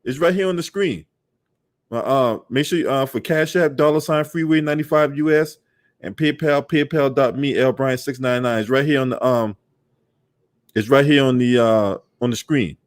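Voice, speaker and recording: A man livestreaming in casual chat, swearing freely, laughing often and shouting out viewers. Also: medium pitch, moderate pace, no echo, studio quality.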